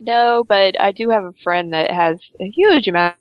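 A woman's voice: mid-range voice, normal speed, dry recording, highs cut off. A woman with a slight non-native accent chats casually in a mid-range voice. She giggles and sounds self-conscious about her pronunciation. The recording is dry and close. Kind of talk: casual chat.

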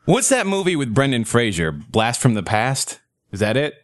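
A man in his thirties hosts a loose comedy podcast, cracking crude jokes and laughing between lines. His pitch swings up and down a lot, and the sound is dry and close with no room echo. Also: big pitch swings, moderate pace. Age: 30s. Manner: crude joking, laughs often. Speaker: podcast host. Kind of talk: casual comedic chat.

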